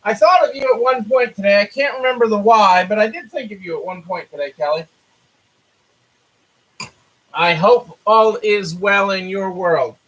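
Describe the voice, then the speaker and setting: A man's voice: high-pitched, moderate pace, fairly bright tone, poor audio. A man hosting a casual live stream for store owners, who greets viewers by name and repeats his phrases. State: hiccups. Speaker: livestream host for store owners.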